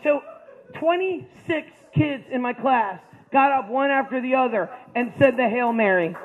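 High-voiced man telling a comic story. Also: unhurried, background noise. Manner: animated, acts out characters. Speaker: stand-up comedian. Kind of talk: stand-up storytelling. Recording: tinny phone-like sound.

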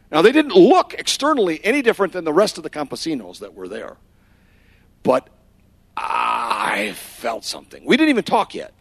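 A man's voice: a little high, no echo. Man preaching through a story. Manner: storytelling, acts out quotes; slips into Spanish phrases. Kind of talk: sermon with personal testimony.

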